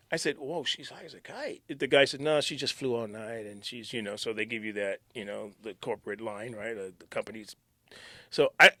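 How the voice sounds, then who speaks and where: A man's voice: fairly high pitch, dry recording. A middle-aged man, a radio DJ, casually telling old station stories, acting out the quotes and sinking to a near-whisper at times. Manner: animated storyteller, acts out quotes, drops to near-whisper. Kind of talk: casual storytelling chat.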